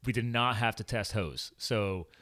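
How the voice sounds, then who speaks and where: A man in his thirties, a former hotshot firefighter hosting a casual chat, rambling and quick to laugh. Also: on the low side, sharp tone.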